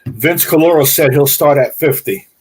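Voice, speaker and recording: A man's voice: fairly high pitch, normal speed, slightly rough, low-quality recording. A man relaying viewer comments on a livestream, matter-of-fact and dry.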